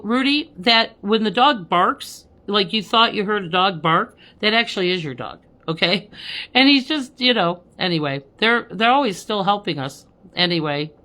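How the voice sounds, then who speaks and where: A woman's voice: mid-range voice, bright, forceful tone. Chatty woman medium, full of "okay?". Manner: chatty, laughing, says "okay?" constantly. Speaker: spiritual medium. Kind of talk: live-stream reading to viewers.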